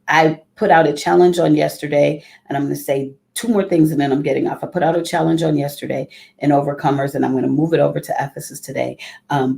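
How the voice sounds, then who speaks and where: A woman who leads a ministry speaks with a low, mellow voice and some vocal fry during a live morning devotional. She greets viewers individually by name and keeps her talk heartfelt and conversational.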